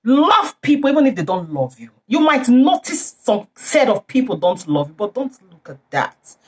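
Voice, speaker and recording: A woman's voice: a little high, sing-song, normal speed. A woman preaching informally to her channel's viewers, repeating and stressing her points. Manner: repetitive, exhorting, emphatic. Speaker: YouTube channel host.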